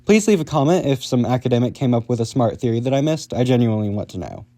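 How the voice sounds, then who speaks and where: A man's voice: mid-range voice, animated, fast talker, mellow. A man hosting an educational video, reading a casual, upbeat script. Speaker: video host explaining linguistics.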